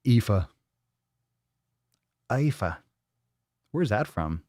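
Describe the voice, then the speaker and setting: Male live-stream host, low voice, dry close sound, rambling profane banter. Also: very animated, extremely slow, mellow, dry recording. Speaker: fitness livestream host. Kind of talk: casual live-stream chat.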